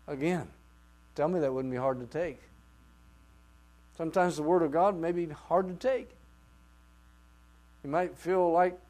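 A man preaching a sermon, swinging from quiet asides to loud outbursts and acting out the voices he quotes. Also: a little high, moderate pace, long pauses.

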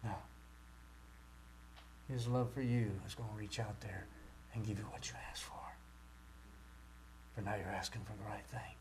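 A man preaching a sermon with great passion, rising to loud cries and dropping to near-whispers. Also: lowish voice, steady tone, unhurried, pauses often, a little hiss or hum. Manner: impassioned, swings from shouting to near-whispers.

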